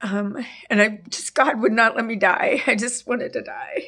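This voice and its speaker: A middle-aged woman telling a painful personal story in an interview, halting and full of restarts. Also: a little high, bright, forceful tone. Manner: halting, with many restarts and fillers. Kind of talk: emotional personal testimony.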